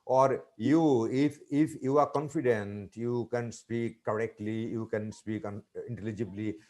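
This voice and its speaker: A man's voice: mid-range voice, steady tone, unhurried, a little mellow. A man with a Bangladeshi English accent, a presenter answering audience questions in an online webinar, reassuring and explanatory with frequent restarts. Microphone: video call.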